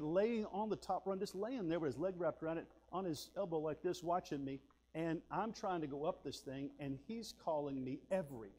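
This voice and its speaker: A man preaching a sermon, telling folksy personal stories and swinging between loud bursts and hushed asides. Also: high-pitched. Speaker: pastor.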